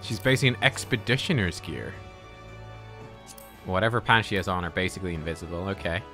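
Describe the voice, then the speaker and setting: A man's voice: low voice, animated, quick pace, sharp tone. A man giving casual let's-play commentary as a gaming streamer, chatty, swearing and laughing easily. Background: faint game music.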